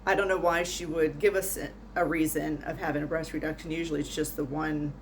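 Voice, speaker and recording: Middle-aged woman, nurse storyteller, casual and exasperated, slightly low pitch. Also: little pitch movement, brisk, a little hiss or hum. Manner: chatty, laughing, wry and exasperated. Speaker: nurse doing patient intake. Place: small room at home with heater humming.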